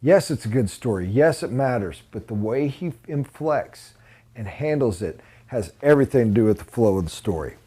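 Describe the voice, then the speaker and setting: A man giving a sales training talk, animated and emphatic, blunt and informal, with sudden loud high bursts. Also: moderate pace, husky.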